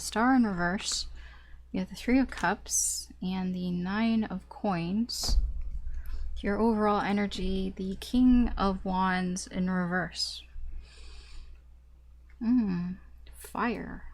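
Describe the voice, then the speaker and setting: A woman's voice: mid-range voice, vocal fry. A young woman giving a casual tarot reading, talking in a rambling, chatty way with fillers and the odd swear word. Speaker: tarot reader.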